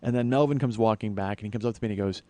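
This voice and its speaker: A man's voice: fairly low pitch, very fast, dark tone, no echo. A man in his forties hosting a comedy podcast, telling a long profane story and slipping into exasperated rants. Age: 40s. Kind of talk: profane comic storytelling monologue.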